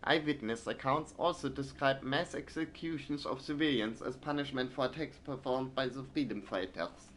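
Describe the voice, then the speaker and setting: A man at a middle pitch reads wartime newspaper clippings from a game aloud in a plain, even voice. Between passages he drifts into halting asides full of fillers, and a faint hum sits under the voice. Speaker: streamer playing a video game. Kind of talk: let's play, reading game text aloud.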